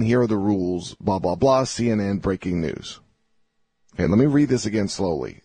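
A male radio host with a low, gravelly, husky voice delivers an emphatic monologue. He repeats phrases and slows down to stress words. The sound is close and dry, with no room around it. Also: a little mellow, no room sound. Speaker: radio talk show host.

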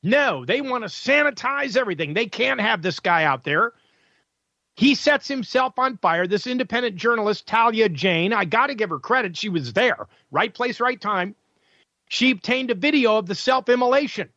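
A man's voice: high-pitched, animated, normal speed, sharp tone, dry recording, dull audio. A male talk radio host delivering an opinionated, combative monologue full of sarcasm and rhetorical questions.

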